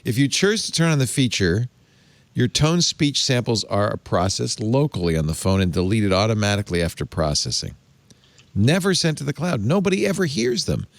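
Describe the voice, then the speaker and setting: A man's voice: medium pitch, big pitch swings, moderate pace, vocal fry, dry recording. Sarcastic male host, dry sound. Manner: sarcastic, reads press text aloud with wry asides. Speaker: tech show host. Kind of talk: casual panel chat.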